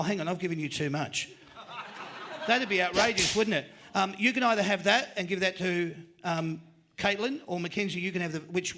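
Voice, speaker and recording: A man's voice: high-pitched, bright, forceful tone. A man with an Australian accent hosting a live panel show, running a quiz with upbeat jokes. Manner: upbeat, joking quizmaster. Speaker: host. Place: live venue.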